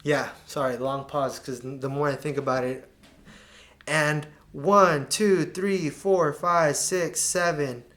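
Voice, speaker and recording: A man with a slightly raised voice talks through soccer clips, pausing to point out mistakes. He sounds casual and exasperated, tossing in slang as he critiques the players. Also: on the high side, fairly even intonation, a bit bright. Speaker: soccer analyst. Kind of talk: video breakdown commentary.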